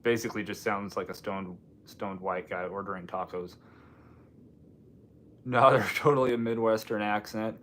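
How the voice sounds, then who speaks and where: Low-voiced rambling live-stream man. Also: steady tone, moderate pace, a bit bright. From Washington State. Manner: rambling, joking, answers viewer comments. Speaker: livestream host. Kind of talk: casual live-stream chat.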